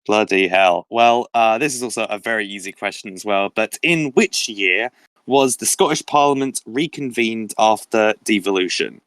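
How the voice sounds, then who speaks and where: A man's voice: lowish voice, normal speed, a bit bright, no room sound. Young man hosting a casual quiz. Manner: reads questions and options aloud, laughs often. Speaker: quiz host.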